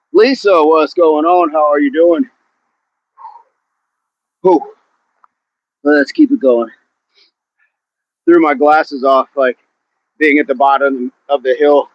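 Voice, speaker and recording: A man's voice: fairly high pitch, lo-fi sound. Breathless man hosting an outdoor workout stream. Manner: breathless, greets chat viewers by name between reps. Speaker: fitness livestream host. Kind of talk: live workout chat with viewers. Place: outdoors at the bottom of a hill under a tree. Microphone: phone propped against a tree.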